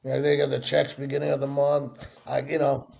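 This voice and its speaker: A middle-aged man in a sit-down interview, telling stories with lively acted-out voices. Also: mid-range voice, brisk, gravelly, slight background noise. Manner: animated storyteller acting out quoted voices. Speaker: interview guest.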